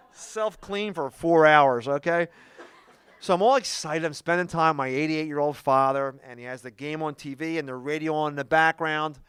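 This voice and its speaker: A middle-aged man doing a stand-up comedy routine, telling stories in an animated way with quick asides. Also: a little high, smooth. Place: comedy club stage.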